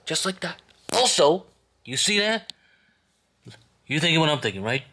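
Man, video host, high voice, lively swoops, excitable, music behind. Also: normal speed, a little hiss or hum. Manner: excitable, hyped, talks to viewers. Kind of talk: excited toy skit commentary.

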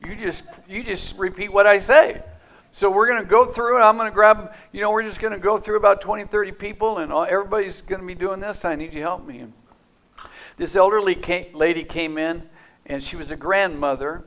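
A male pastor telling a story in a sermon, lively in the telling and sinking to a soft, hushed tone when he prays. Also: high voice, fairly quick. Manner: animated storytelling that drops to soft, hushed prayer.

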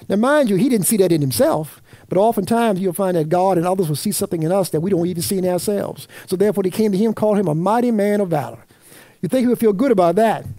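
A Sunday school teacher from Virginia, with a mellow mid-range voice and no room sound, leads a Bible study in a church classroom. The teacher reads scripture aloud and quizzes the class with fill-in questions.

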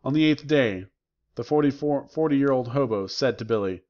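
A man reads a novel aloud at a calm, measured pace, like a teacher sharing a book. His voice sits in an ordinary middle pitch. The recording sounds slightly muffled and lo-fi. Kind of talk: audiobook narration.

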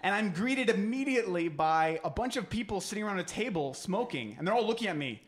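A man's voice: high-pitched, animated, a little fast. A young man doing stand-up comedy at a live show, telling a rambling, self-deprecating story with many restarts. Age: young adult.

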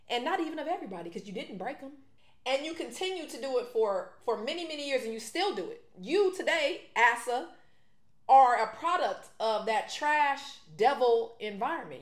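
A woman, talking to her viewers in an animated, indignant way while she eats. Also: fairly high pitch, echoey room. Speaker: vlogger. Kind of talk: casual mukbang commentary.

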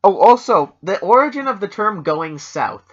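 A man's voice: sits high, big pitch swings, moderate pace, highs cut off. A Canadian man co-hosting a podcast, rambling and swearing through jokey casual talk. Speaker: podcast co-host.

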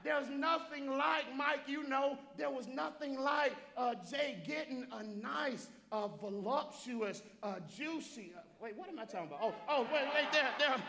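A pastor with a strikingly high, bright and forceful voice preaches in a church. He repeats key phrases and calls out to listeners by name. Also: normal speed, gravelly, few pauses. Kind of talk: sermon. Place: church sanctuary.

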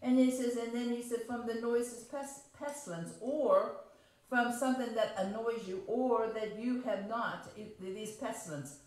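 Speaking at a measured pace in a fairly high, slightly mellow voice, a woman preaches a homey, chatty sermon, reading and explaining scripture, rephrasing and repeating her points, and questioning the congregation. It's recorded in a church sanctuary with heavy echo.

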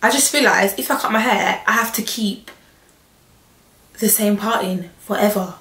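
A young woman with a croaky, hoarse voice, chatting casually and joking to camera while styling a wig at home. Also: medium pitch, normal speed, sharp tone. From England. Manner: chatty, joking, self-talk asides. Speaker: hair vlogger. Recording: echoey room, faint noise.

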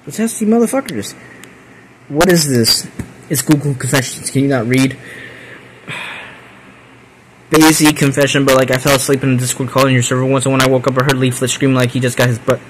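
A young male streamer reading messages aloud to his viewers. He talks in a middling pitch and reacts with loud, exasperated swearing and sudden yelps. A faint hiss of noise sits under his voice. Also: normal speed, long pauses. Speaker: streamer host.

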